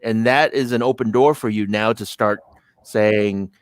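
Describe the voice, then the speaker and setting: A man's voice: lowish voice, steady tone, measured pace, dry recording, clean studio sound. A man co-hosting a casual business chat, laughing often and restarting his phrases.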